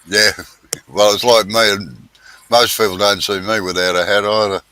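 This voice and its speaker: Deep-voiced easygoing man chatting live. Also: fairly even intonation, moderate pace, bright, forceful tone, no room sound. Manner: easygoing, laughs often. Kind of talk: casual chat on a live stream.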